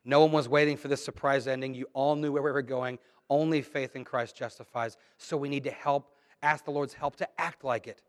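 With a mid-range, somewhat bright voice echoing through the sanctuary, a middle-aged pastor delivers a sermon. Scripture readings mix with his emphatic, conversational preaching.

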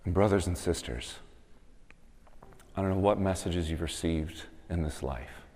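A man's voice: deep voice, a little slow, warm tone. A man in his thirties preaching a sermon, telling stories and building to emphatic appeals. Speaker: pastor. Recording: long reverb of a church hall.

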